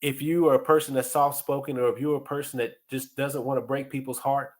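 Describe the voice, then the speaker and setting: Middle-aged guy coaching leadership on his podcast, earnest, keeps restarting words, mid pitch. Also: little pitch movement, a little fast. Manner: earnest, repeats and restarts words, speaks in maxims. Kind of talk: casual motivational talk.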